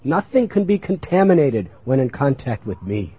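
A man's voice: medium pitch, big pitch swings, moderate pace, breathy edge. A man voicing a young divine boy who speaks with earnest confidence, on a muffled lo-fi recording. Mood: serene. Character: young boy, divine and boldly self-assured.

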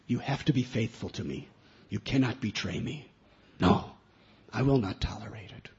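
A man's voice: fairly low pitch, lively intonation, moderate pace, darkish tone, slightly rough. A man voicing a hungry, possessive bad dog that demands faithfulness, in a menacing, demanding way, on a muffled lo-fi recording.

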